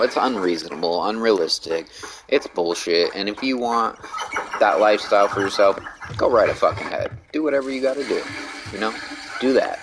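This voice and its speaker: A man's voice: sits low, noisy background. A man streaming a game, ranting bluntly in casual talk and swearing a lot. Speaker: gaming streamer. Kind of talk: casual rant while gaming.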